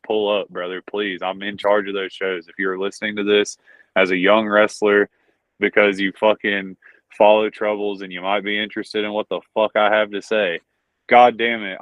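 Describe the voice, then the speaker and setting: A man's voice: fairly low pitch, no room sound. A man with a Southern accent, a pro wrestler talking in a casual interview, rambling and swearing often. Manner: profane, rambling, says "dude" and "bro". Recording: dull lo-fi dry audio.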